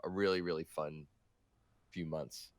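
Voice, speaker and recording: A man's voice: very deep voice, steady tone, unhurried, dry recording. A man speaking as a guest on a gaming podcast in casual chat, hesitant and restarting often.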